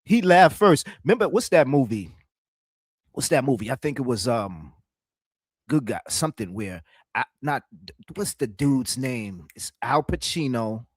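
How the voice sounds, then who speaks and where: A man's voice: mid-range voice, very animated, measured pace, dry recording, clean studio sound. A man doing casual live-stream reaction commentary, loose and profane, often mimicking the voices in the clips he plays.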